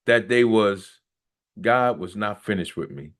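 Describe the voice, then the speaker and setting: A middle-aged man with a fairly low voice reads aloud from his own memoir. Between passages he stops to preach and hammers his points home with repetition. His delivery is earnest and insistent. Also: a little slow, a bit bright. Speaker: author reading his memoir.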